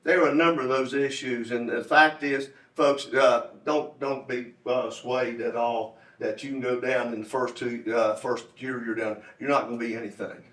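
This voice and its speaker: A candidate for state delegate gives a folksy, rambling campaign speech at a club meeting, repeating points for emphasis. His mid-range voice stays steady and fairly bright at normal speed with few pauses, picked up by a distant mic with roomy echo in a meeting room.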